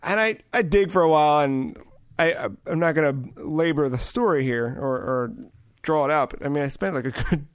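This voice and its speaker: Profane, rambling man, fairly high voice. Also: no echo. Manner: rambling, profane, animated storytelling. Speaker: podcast host. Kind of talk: casual chat, anecdote.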